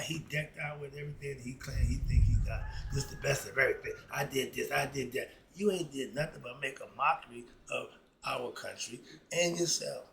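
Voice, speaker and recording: A man's voice: a little high, creaky, fairly bright tone, a little hiss or hum, low-quality recording. A man giving a solo opinion monologue as a philosophy commentator, ranting in a heated, sarcastic and rambling way with lots of repetition.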